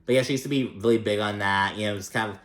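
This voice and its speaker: A man's voice: lowish voice, fairly even intonation, quick pace, echoey room. A man giving a casual, chatty recap of a reality show, swearing freely and mimicking people's lines. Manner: chatty and profane, acts out quotes in mock voices.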